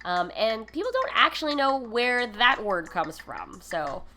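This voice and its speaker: A woman's voice: a little high, sing-song, moderate pace, bright, forceful tone, slight background noise. A woman hosting a cooking livestream, talking casually with many fillers and giggly asides. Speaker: cooking stream host. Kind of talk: casual educational livestream talk.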